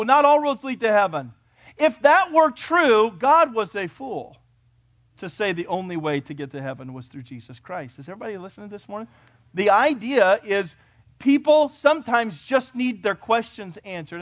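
A male pastor preaching a sermon to a congregation, emphatic, firing rhetorical questions and swinging from loud declarations to hushed points. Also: high-pitched, sing-song, moderate pace, no echo. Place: church before a congregation.

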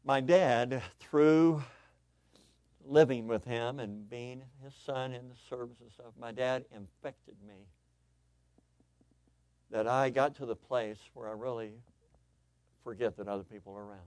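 A male pastor preaching a sermon, telling personal stories in an animated, excitable way with lots of repetition. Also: mid-range voice, a little slow, pauses often, no room sound.

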